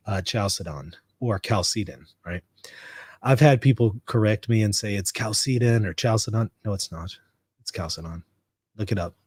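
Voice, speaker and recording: A man's voice: lowish voice, a little mellow, slightly rough, no echo. A man from the United States hosting a casual livestream, reading out chat comments and riffing on them. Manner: conversational, reads chat comments aloud and riffs on them. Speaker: livestream host.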